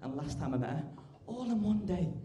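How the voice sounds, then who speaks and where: A teenage man doing a stand-up comedy routine, chatty, tagging lines with "right?" and getting loud when acting out scenes. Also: high-pitched, very animated, fairly quick, noisy background. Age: teens. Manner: chatty, keeps asking "right?", bursts loud for acted bits. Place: large comedy club stage. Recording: echoey live club room.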